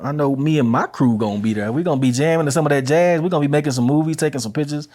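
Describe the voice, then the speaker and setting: A man's voice: on the high side, rapid-fire, darkish tone. A man hosting a podcast from home, chatting casually and straight to his listeners as he runs through local announcements. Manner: laid-back, chatty, talks straight to listeners. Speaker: podcast host.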